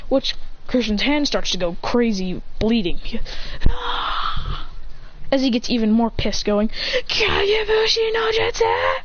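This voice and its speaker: A woman improvising an excited fan story, rambling with many restarts, in a dull lo-fi recording. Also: a little high, normal speed. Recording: dull lo-fi recording with faint hiss.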